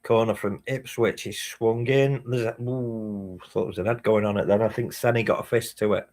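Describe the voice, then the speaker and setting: A man's voice: lowish voice, fairly even intonation, normal speed, a little mellow. A man hosting a live match watchalong, chatting casually, swearing and reading chat messages aloud. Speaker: fan channel host.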